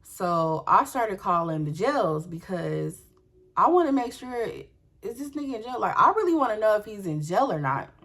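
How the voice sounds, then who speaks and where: Young woman, storytime vlogger, animated and profane, talks straight to her viewers. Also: medium pitch, normal speed. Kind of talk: storytime vlog.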